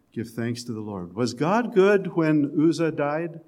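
A man preaching a sermon in a conversational way, with quiet, emphatic lines and the odd chuckle. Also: fairly high pitch, big pitch swings, unhurried, few pauses. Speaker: pastor.

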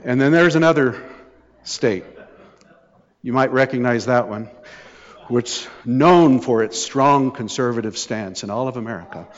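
A middle-aged man preaches, telling personal stories with a wry, sarcastic edge. His voice sits at an ordinary pitch and carries a long reverb from a large hall. The sound is a bit dull and muffled. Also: unhurried. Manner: anecdotal, wry and sarcastic asides. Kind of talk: sermon storytelling.

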